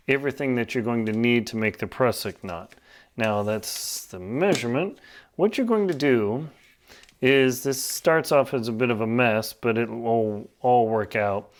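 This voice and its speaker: A man with a smooth, clear voice walks through tying a climbing knot. He talks plainly and practically, narrating his hands as he works. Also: mid-range voice. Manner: plain, practical, hands-on demonstrating while talking. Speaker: outdoor skills instructor. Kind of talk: casual knot-tying tutorial.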